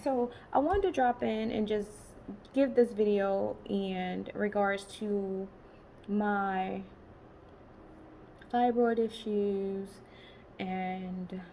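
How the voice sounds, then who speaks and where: A woman in her late forties talking in a personal vlog, tired and emotional, rambling and halting with many pauses and restarts. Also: mid-range voice, steady tone, dark tone, slight background noise, poor audio. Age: late 40s. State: tired and emotional, has been crying. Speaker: vlogger.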